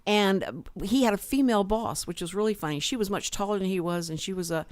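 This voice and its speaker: In a radio studio with no echo, a woman co-hosting a community radio show tells a work story in casual chat, her mid-range voice a little fast with hardly any pauses. She's an animated storyteller, acting out the voices of the people in it.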